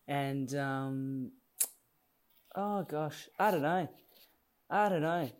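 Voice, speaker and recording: An easygoing Australian man from Perth talks as a guest, full of relaxed ums and pauses. His voice sits a bit higher than most men's. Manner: easygoing, hesitant fillers. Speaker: musician guest. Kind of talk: casual interview.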